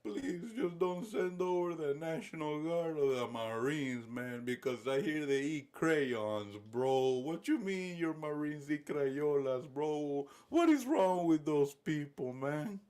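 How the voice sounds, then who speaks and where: Man doing a whiny, begging dictator: pitched up, slow, groveling, comic. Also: lively intonation, darkish tone. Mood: pleading. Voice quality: whiny, pleading, drawn-out. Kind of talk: comic impression in a livestream rant.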